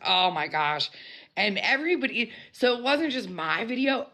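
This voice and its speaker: Bright, bubbly woman hosting a live chat. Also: lowish voice. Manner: bubbly, chatty, greeting live commenters. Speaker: livestream host. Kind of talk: casual mukbang chat.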